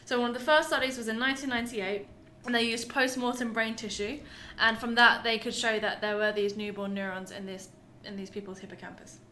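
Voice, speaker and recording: Woman co-host explaining neuroscience, bright forceful voice, higher pitch. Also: steady tone, slight background noise. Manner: explanatory, giggly, quick to laugh. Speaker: podcast co-host presenting a science paper. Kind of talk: casual science podcast chat.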